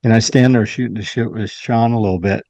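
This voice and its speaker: A man's voice: fairly low pitch, steady tone, quick pace, mellow, dry recording. A man hosting a podcast, chatting casually and telling a laid-back story, swearing freely. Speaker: podcast host. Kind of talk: casual chat. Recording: dull lo-fi sound, dry.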